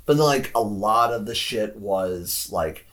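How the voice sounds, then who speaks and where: A man's voice: lowish voice, expressive, unhurried, fairly bright tone. A man chatting casually as a podcast co-host, rambling with lots of "like" and restarts. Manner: rambling, heavy use of "like", frequent restarts. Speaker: podcast co-host discussing films. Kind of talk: casual chat.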